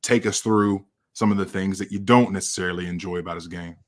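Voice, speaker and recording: A man's voice: deep voice, fairly even intonation, quick pace. A man steering a podcast chat who teases his co-hosts and hands off questions. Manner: playful, teasing, hands off questions. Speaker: podcast co-host, moderator. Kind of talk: casual podcast banter.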